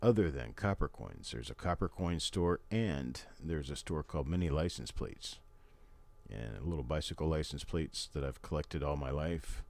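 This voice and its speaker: A man's voice: very deep voice, lively intonation, normal speed, vocal fry, a little mellow. An older man hosting a live stream from his home in casual chat, rambling and folksy with chatty asides. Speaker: host.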